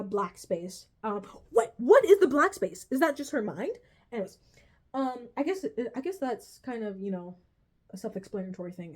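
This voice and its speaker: A woman's voice: fairly high pitch, darkish tone. A young woman ranting in a casual video commentary, exasperated, swearing freely and calling her viewers "bro". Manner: exasperated, swears a lot, says "bro" often. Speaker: vlogger.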